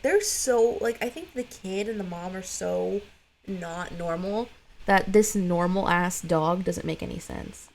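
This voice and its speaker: Expressive, groaning woman streamer. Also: lowish voice, creaky. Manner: expressive and blunt, with groans and cursing. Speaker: streamer reacting to a horror film. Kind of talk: casual reaction commentary.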